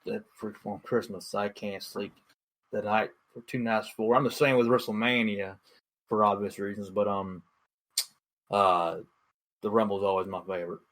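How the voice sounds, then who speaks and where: A young man co-hosting a podcast, chatting casually in an excitable, rambling way, full of fillers. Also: fairly low pitch, moderate pace. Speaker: podcast co-host. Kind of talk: casual chat.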